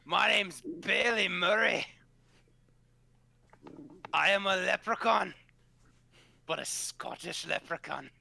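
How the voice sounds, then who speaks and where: A man voicing a gruff, terse male leprechaun in an attempted Scottish accent. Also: high-pitched, slow pace, pauses often, bright, forceful tone, exaggerated voice.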